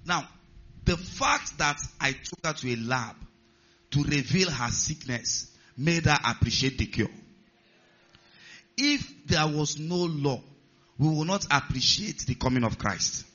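A man's voice: on the high side, expressive, unhurried, pauses often, bright, forceful tone. A male pastor preaching a sermon, stressing key words and putting questions to the congregation. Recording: slightly muffled recording.

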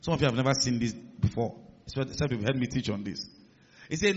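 A male pastor preaching a sermon in a large church hall, emphatic and building to loud declarations. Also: mid-range voice, animated, fast, slightly rough. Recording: muffled sound with long hall reverb.

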